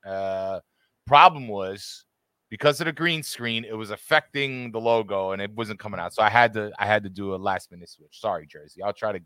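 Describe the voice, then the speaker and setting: An upbeat man co-hosting a live fan podcast, his pitch sitting a little low. He chats casually and greets viewers by name. The sound is dry and close, with no room echo. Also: brisk, sharp tone, clean tone. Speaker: podcast co-host. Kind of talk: casual live-stream chat. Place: home studio with green screen.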